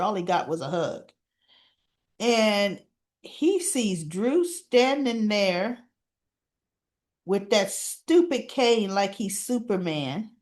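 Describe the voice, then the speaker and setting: A woman vlogger giving a casual, chatty recap of a soap opera episode, often stopping to ask "right?". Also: medium pitch. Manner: chatty, conversational, keeps asking "right?".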